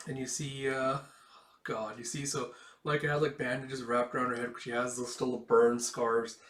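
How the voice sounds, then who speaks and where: A man's voice: medium pitch, level tone, moderate pace, fairly bright tone. Man narrating a comic read-along, casual and emotional, lots of fillers; roomy, distant mic. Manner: emotional, filler-heavy retelling. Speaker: comic reader.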